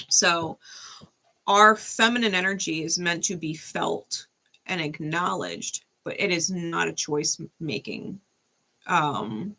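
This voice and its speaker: A woman's voice: on the low side, pushed and bright. A woman giving a live-stream tarot reading in a casual, chatty way, often asking "right?" and laughing often. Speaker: tarot reader.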